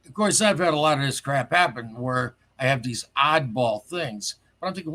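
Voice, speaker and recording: A man calling in to a show, telling a strange story in a rambling, excitable way and swearing casually. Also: mid-range voice, moderate pace, few pauses. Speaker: caller sharing a paranormal story.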